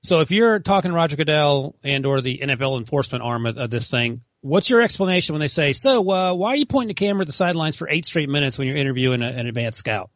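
A man in a casual sports chat, asking quick, pointed questions. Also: fairly high pitch, expressive, a bit bright, no echo, muffled recording.

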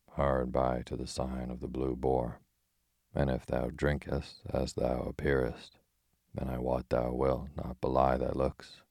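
A man reading a storybook voices a hearty, teasing outlaw who jests in old-fashioned, archaic speech. His exaggerated voice sits very low and barely shifts in pitch, creaky and darkish. It sounds close and dry, with no echo.

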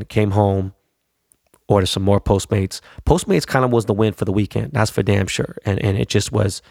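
A man's voice: on the low side, creaky, darkish tone, dry recording, studio quality. A man chatting casually about his weekend in a slangy, profane, rambling way. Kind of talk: casual chat.

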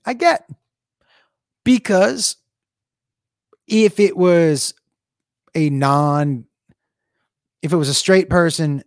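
Animated, profane man with a lively voice. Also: fairly high pitch, no echo, studio quality. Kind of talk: casual chat.

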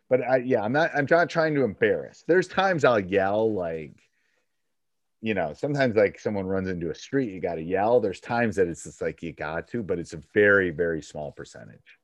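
A man with a fairly low voice talks a fellow coach through his advice in an easy, conversational way, often acting out both sides of a dialogue. The sound is dry and close, with no room around it. The call audio is dull and lo-fi. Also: dry recording. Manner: conversational, acts out back-and-forth dialogue. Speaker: basketball coach and podcast host.

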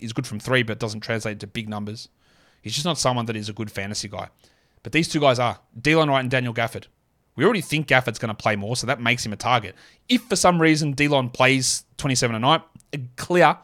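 Man, podcast host, opinionated, self-deprecating, mid-pitched voice. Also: fairly bright tone. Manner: opinionated, quick asides, self-deprecating jokes. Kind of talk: solo fantasy basketball podcast.

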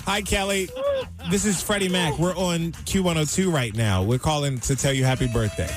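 A man's voice: fairly high pitch, brisk, over loud music. A man hosting a morning radio show, jokey and upbeat. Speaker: radio host.

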